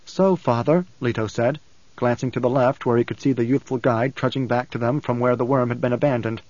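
A man's voice: mid-range voice, flat delivery, fairly quick, a little mellow, no room sound, lo-fi sound. Man reading a novel aloud, dry sound. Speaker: audiobook narrator. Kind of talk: scripted narration.

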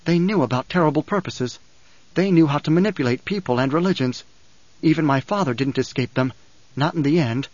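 A man voicing a calm, philosophical young man who speaks in measured riddles in an audiobook. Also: a little high, no room sound, muffled recording, close to an everyday voice.

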